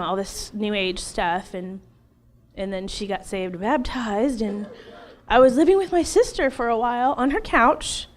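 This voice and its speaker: Earnest woman telling her testimony. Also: on the high side. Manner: earnest, animated, laughs between lines. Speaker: interview guest sharing her testimony. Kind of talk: emotional personal testimony.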